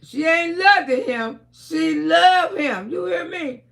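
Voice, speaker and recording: A woman hosting a casual livestream, talking loudly with frequent laughter and cursing while telling stories to her viewers. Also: very high voice, animated, takes it slowly, gravelly. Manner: loud, laughing, storytelling with lots of cursing. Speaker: livestream host.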